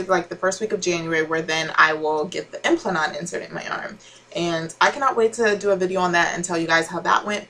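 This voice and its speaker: Young mom talking to her camera, laughs a lot, kinda low voice. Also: a bit bright, rough recording. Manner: chatty, laughs often, many fillers. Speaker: vlogger. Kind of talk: casual chat to camera.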